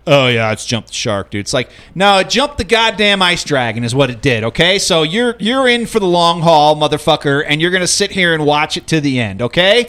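Rambling, swearing podcast host. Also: male voice, on the high side, lively intonation, fairly quick, hardly any pauses, pushed and bright. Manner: rambling, profane, opinionated. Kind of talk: casual chat.

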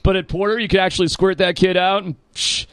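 Brash high-voiced man on sports radio. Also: fairly even intonation, quick pace, fairly bright tone, clean tone, no room sound. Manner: brash, jokey, swearing. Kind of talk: loose sports radio banter.

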